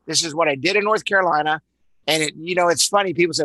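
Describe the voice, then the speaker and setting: A man's voice: a little high, fast talker, pushed and bright, dry recording, poor audio. A man from Dallas with a Texan accent, leading a live online sales training in a rambling way, full of repeated words and uhs. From Dallas, Texas.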